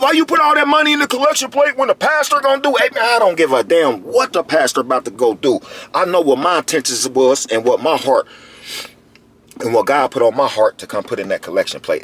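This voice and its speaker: A man giving a casual commentary monologue to his viewers, animated and slangy, repeating himself and calling out to them often. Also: mid-range voice, slightly rough. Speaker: video commentator.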